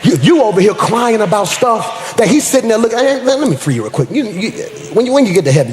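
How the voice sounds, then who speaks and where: A man preaching a sermon as pastor, in a rhythmic, sing-song style that swells into shouts and addresses the congregation in casual slang. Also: high-pitched, big pitch swings, quick pace, few pauses. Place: church sanctuary. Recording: echoey church hall with crowd.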